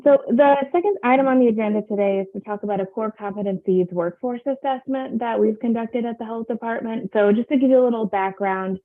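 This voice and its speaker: A woman chairing a public board meeting on a video call, speaking in a measured way with frequent fillers. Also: fairly high pitch. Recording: tinny phone-like line.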